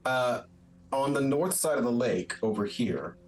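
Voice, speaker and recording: A man's voice: mid-range voice, expressive, a little slow, a little hiss or hum, poor audio. A man running a streamed tabletop game as its game master, talking upbeat and chatty with plenty of filler words.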